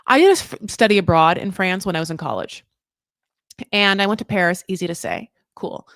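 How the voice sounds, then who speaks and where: Alto woman from California, thirties, casual podcast host; low-ish, animated, foul-mouthed, dead-dry close recording. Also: a little fast, no echo. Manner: animated, swears freely, laughs and trails off mid-thought. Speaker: podcast host recapping reality TV. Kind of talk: casual chat.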